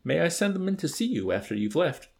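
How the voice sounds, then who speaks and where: A man's voice: fairly high pitch, sing-song, quick pace, creaky, pitched above the performer's own voice. A man voicing a literal-minded, dutiful army sergeant who asks prim, deferential questions in a raised voice.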